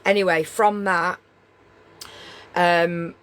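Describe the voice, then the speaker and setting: A woman's voice: on the low side, steady tone, drawn-out words, a bit bright. Blunt Northern English woman telling a story. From Leigh, England. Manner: blunt, swears freely, heated. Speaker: streamer. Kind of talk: storytelling chat.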